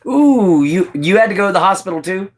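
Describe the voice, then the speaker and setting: A man's voice: high voice, lively intonation, a little fast. A man hosting a casual livestream, chatting with viewers by name and laughing often. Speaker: livestream host.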